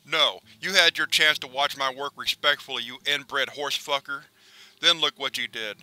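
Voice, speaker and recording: A cartoon pelican who is paranoid, demanding and openly threatening, as a man puts him on. His voice is bright and crisp, pitched a touch up and pushed loud. He needles and menaces like a sulking cartoon star turned villain. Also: steady tone, moderate pace, dry recording, low-quality recording. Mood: menacing.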